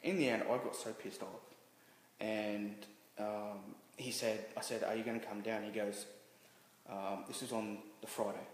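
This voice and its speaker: Low-voiced man in an echoey room. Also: steady tone. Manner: halting, frequent restarts and "you know" fillers. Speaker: interview guest. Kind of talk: candid personal storytelling. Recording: roomy reverberant room with faint noise.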